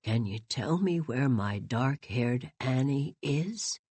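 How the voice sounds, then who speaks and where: A woman's voice: extremely low pitch, breathy edge, no echo, pitched below the performer's own voice, heavily acted. Woman doing a mumbling heartbroken old madman. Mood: mournful. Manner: mumbling, slow and hushed.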